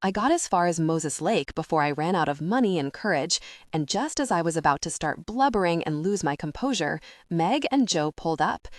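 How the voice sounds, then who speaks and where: A woman reading a first-person audiobook narration in a measured, intimate storytelling manner. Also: fairly low pitch, animated, dry recording, studio quality.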